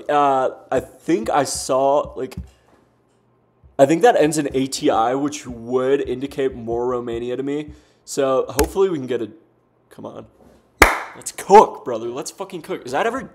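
A young American gaming streamer gives casual gameplay commentary in a mid-range, darkish voice. He's laid-back, loose, and jokey, swearing often and talking in bursts full of fillers and self-deprecating jokes.

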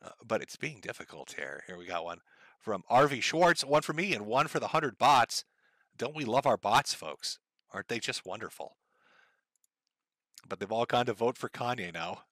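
Casual, profane and full of sarcasm, this streamer rants at his desk and reads viewer donation messages aloud. His voice is bright with big swings in pitch at a moderate pace, picked up by a close mic that sounds present and dry.

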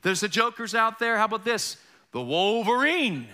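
Bright, lively preacher man. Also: high voice, normal speed. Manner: animated, joking preacher with impressions. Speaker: pastor. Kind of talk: sermon.

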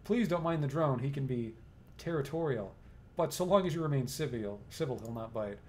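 A man reading game dialogue aloud, voicing a cultured and polite middle-aged male engineer who speaks in a formal, measured way. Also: medium pitch, animated, a little mellow, lightly acted.

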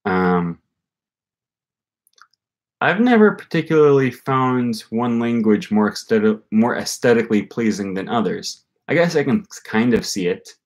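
A man's voice: mid-range voice, very animated, unhurried. A young man hosting a casual livestream, answering comments and thinking aloud with many fillers. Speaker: language-learning channel host.

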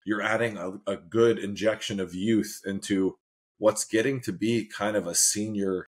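A man's voice: lowish voice, steady tone, moderate pace, breathy edge. A man co-hosting a casual sports chat, laid-back, laughing often and saying "man" a lot. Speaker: co-host.

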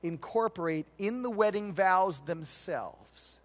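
A middle-aged man preaching a sermon as a pastor, telling stories and swinging between loud, emphatic stretches and hushed, tender ones. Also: sits high, animated, slow pace. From United States.

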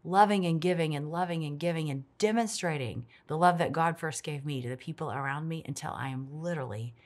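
A woman's voice: sits low, a little fast. A middle-aged woman giving an earnest, reflective devotional talk as a ministry speaker.

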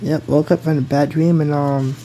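A man's voice: fairly high pitch, level tone, moderate pace, mellow, slight background noise, poor audio. A man casually telling a made-up hero story, giggling and rambling, often breaking off mid-sentence.

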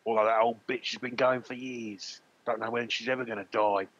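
A man voicing a foul-mouthed, grumbling tavern barman in a tabletop game, with a husky voice and dull lo-fi audio. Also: medium pitch, flat delivery, brisk, a bit bright. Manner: sweary, grumbling.

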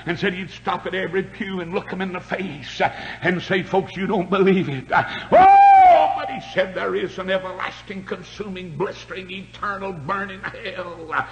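An older man preaching a fiery revival sermon, swinging between shouted peaks and quiet, hushed stretches. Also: high voice, normal speed, creaky, low-quality recording.

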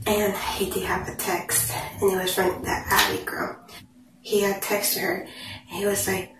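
Young woman vlogger, chatty storytime, flat gravelly voice, roomy echo. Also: mid-range voice, normal speed, recorded from a distance. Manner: chatty, confiding, lots of "like" and "you know". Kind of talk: casual storytime. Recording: echoey room, voice a bit off-mic, noisy.

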